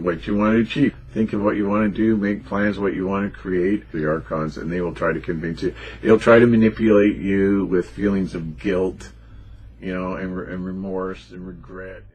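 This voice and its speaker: A man's voice: on the low side, husky. A man delivering a rambling, emphatic, unscripted monologue in a conspiratorial tone as a spiritual channel host.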